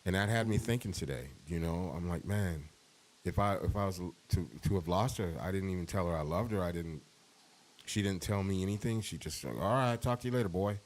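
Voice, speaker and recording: A middle-aged man talking on a podcast, heartfelt and halting, holding back tears as he speaks. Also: low-pitched. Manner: heartfelt, profane, halting with restarts. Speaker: podcast co-host. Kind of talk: emotional casual podcast talk.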